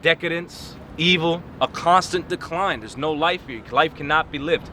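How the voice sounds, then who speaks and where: A man's voice: a little high, moderate pace. A man teaching on the street in an emphatic, slangy, mocking manner. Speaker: street preacher. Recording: outdoor recording with loud traffic noise.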